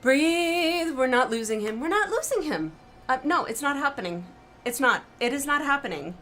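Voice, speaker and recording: A young woman with a slightly high voice streams a game and reacts out loud to every moment. She talks to herself expressively between the scenes. A faint steady hum sits under her voice. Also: normal speed. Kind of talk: emotional let's-play reaction.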